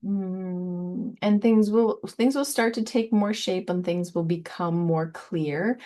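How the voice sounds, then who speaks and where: A woman giving a casual, meandering tarot reading, soft and giggly, repeating words playfully. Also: mid-range voice, fairly even intonation, measured pace. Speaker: tarot reader.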